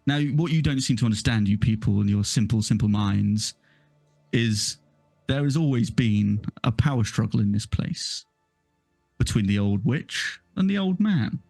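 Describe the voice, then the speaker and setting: Man putting on a gloating, creaky old village elder. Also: fairly low pitch, expressive, a little mellow, no echo, soft background music. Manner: slow, gloating, contemptuous. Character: scheming old male village elder, menacing and condescending.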